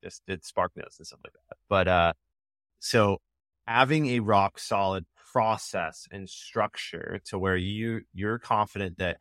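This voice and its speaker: A man answering interview questions about cold calling, energetic, slipping into quoted call snippets. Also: on the low side, a little slow, no room sound, studio quality. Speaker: sales expert guest.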